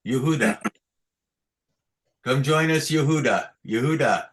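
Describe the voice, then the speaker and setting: A man teaching Torah chanting on a video call, halting with fillers and restarts, chuckling at his own jokes. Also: mid-range voice. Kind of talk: online lesson with sung examples.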